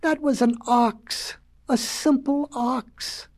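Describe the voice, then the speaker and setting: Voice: mid-range voice, sing-song, normal speed, a little mellow. A storyteller doing a vain blustering bullfrog. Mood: pompous. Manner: blustering, bragging and condescending. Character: pompous vain father bullfrog, big and boastful.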